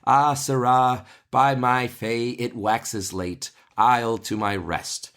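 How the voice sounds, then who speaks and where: Lord Capulet, a hearty older nobleman playing host in a stage play, read by a man. The voice is pushed a little higher than his usual talk, and the old verse comes unhurried. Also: fairly even intonation, fairly bright tone.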